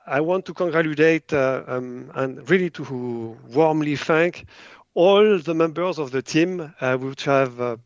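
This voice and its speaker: Man, French accent, interview guest, hesitant with fillers, fairly high voice, dry close sound. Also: no room sound, highs cut off. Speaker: biotech company CEO, guest. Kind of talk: podcast interview answer.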